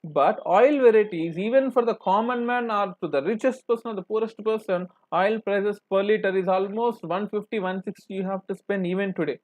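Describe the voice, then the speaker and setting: Man, Indian English accent, high voice, dry close recording, lecturing on exam answers, keeps asking "right?". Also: no room sound. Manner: explanatory, repeats points, frequent "right?" and "you know" tag questions.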